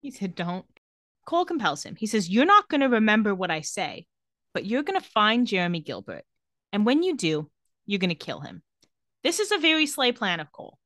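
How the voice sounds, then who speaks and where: A woman co-hosting a casual podcast recap, talking in an animated way, acting out quoted lines and laughing often. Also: mid-range voice, brisk, no room sound, studio quality. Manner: animated, acts out quotes with a bad British accent, laughs often. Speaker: podcast co-host recapping a TV episode. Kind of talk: casual chat.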